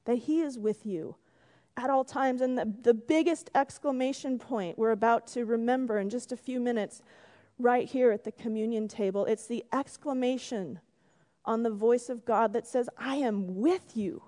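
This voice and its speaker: Woman giving a sermon, slowish and gentle, bit high voice, echoey church hall. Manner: gentle, drops to a whisper for emphasis. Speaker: preacher. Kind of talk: sermon with storytelling and prayer. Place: church sanctuary. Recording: long reverb in a church hall.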